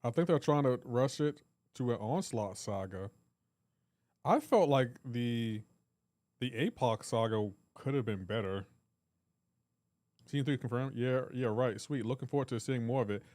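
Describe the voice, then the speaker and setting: A male game streamer talking casually with his live chat, quick to joke and tease. His voice sits in a middle range and comes through a dry, close microphone. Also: medium pitch, darkish tone, dry recording. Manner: joking, reads and answers chat aloud.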